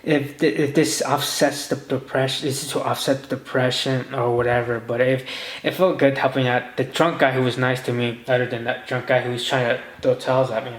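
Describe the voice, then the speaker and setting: A man's voice: mid-range voice, reverberant, low-quality recording. A man rambling through a personal story in a monologue. He often restarts and quotes himself and others. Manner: rambling, full of restarts and quoted inner speech. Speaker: podcast host.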